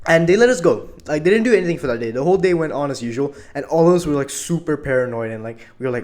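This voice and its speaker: A man's voice: on the high side, very fast, hardly any pauses. A young man casually telling a story about his school days, rambling and full of fillers. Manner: rambling, filler-heavy, animated retelling.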